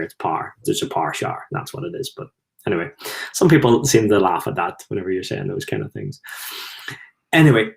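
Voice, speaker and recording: A middle-aged man with a Belfast accent, telling rambling anecdotes in a casual talk to camera. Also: low voice. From Belfast, Northern Ireland. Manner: rambling, anecdotal, chuckles at own stories. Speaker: host, former footballer.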